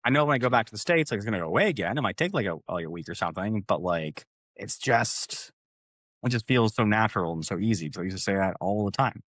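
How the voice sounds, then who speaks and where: Brief: deep-voiced Cape Breton guy, coach co-host, foul-mouthed and animated, dry close mic. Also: fast, no echo. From Canada, Cape Breton. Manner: swears constantly, animated storytelling. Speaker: fitness coach, podcast co-host. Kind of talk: casual podcast chat.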